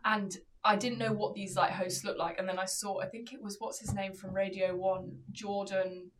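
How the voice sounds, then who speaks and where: A woman's voice: mid-range voice, level tone, normal speed, far from the mic. A woman in her twenties from England, co-hosting a podcast in playful, rambling chat. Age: 20s. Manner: playful, rambling, mimics accents. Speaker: podcast co-host. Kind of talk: casual chat.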